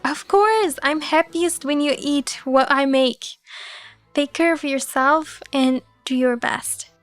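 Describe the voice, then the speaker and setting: A woman voicing a gentle old grandmother. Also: high voice, slow, no room sound, soft background music. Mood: caring. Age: older. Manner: gentle, reassuring. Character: kindly elderly grandmother, soft and caring.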